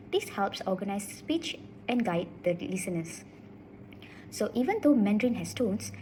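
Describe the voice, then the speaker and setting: A woman giving a student class presentation, reading in a steady, soft-spoken way. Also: medium pitch, slight background noise, rough recording.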